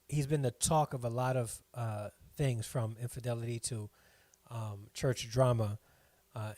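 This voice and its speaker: A man's voice: medium pitch, darkish tone, no room sound. A middle-aged man hosting a live stream from home, chatting casually, rambling and reading viewer comments aloud.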